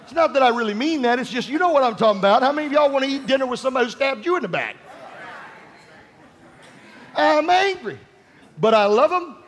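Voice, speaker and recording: A male pastor preaching a sermon, fervent and conversational, rising to shouts and speaking directly to his congregation. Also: very high voice, big pitch swings, quick pace, long pauses, a little hiss or hum.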